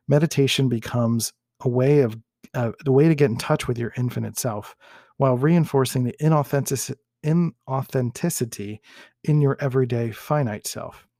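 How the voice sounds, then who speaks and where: Gravelly man reading a case study. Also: medium pitch, dark tone, no room sound, studio quality. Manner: measured, with small self-corrections. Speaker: podcast host.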